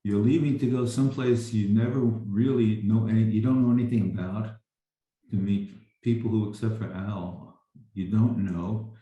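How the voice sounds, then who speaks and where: An older man with a deep, very mellow voice tells a personal story over a video call. He rambles, restarting often. The room around him is very echoey. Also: steady tone, normal speed. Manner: rambling, with frequent restarts and fillers. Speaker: speaker sharing a memory.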